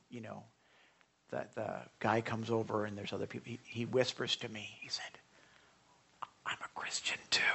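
A middle-aged man preaching to a small group, telling a personal story with sudden hushed whispers. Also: medium pitch, vocal fry, slightly rough. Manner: animated storyteller, drops to hushed whispers for inner thoughts. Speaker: pastor.

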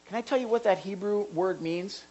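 A pastor preaching a sermon in a church hall, animated and getting excited as he goes, with jokey asides to the congregation. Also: medium pitch, a little fast, lo-fi sound. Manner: animated, gets excited and louder.

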